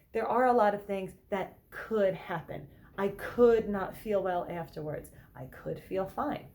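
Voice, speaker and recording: Woman therapist, mid-range voice, relaxed explainer, checks in with the listener often. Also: mid-range voice. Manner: conversational, checks in with "okay?" and "right?"; acts out anxious inner thoughts in quotes. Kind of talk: casual explanatory talk to viewers.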